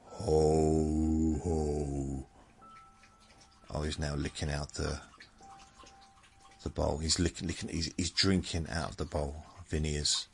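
A man in his seventies hosting a podcast, rambling in a meandering, self-mocking way, with drawn-out phrases. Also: extremely low pitch, level tone, creaky, a little hiss or hum. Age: 70s. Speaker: podcast host. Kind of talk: rambling bedtime monologue.

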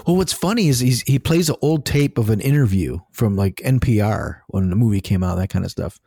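A man co-hosting a casual podcast, talking in a rambling, animated, profane way. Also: lowish voice, a little fast, gravelly, husky, no room sound, clean studio sound. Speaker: podcast co-host.

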